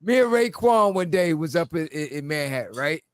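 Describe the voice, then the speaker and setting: A podcast host with a New York accent, speaking in a somewhat high voice. He chats loosely and laughs often, slipping into animated voices as he tells stories. The sound is dry and close. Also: normal speed, smooth, no room sound. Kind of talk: casual chat.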